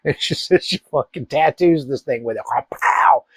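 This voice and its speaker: A man, hosting a cigar channel and telling a wild story in a profane, animated way. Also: a little high, normal speed, slightly rough, dry recording. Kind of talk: casual storytelling.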